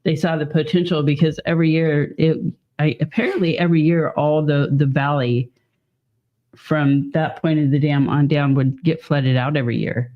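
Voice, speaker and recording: A man's voice: a little high, fairly even intonation, moderate pace. Chatty man on a lo-fi stream. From Northern California. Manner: rambling, chatty, laughs often. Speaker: podcast co-host. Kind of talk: casual chat. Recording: dull lo-fi stream audio.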